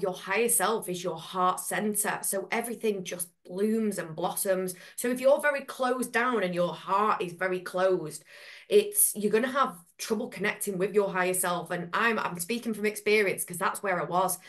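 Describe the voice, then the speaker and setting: A woman's voice: medium pitch, a bit bright. A woman co-hosts a casual spiritual podcast in a mid-range voice. She is playful and chatty, slipping in jokes between her points. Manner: playful and chatty, quick to joke. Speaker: podcast co-host and spiritual coach.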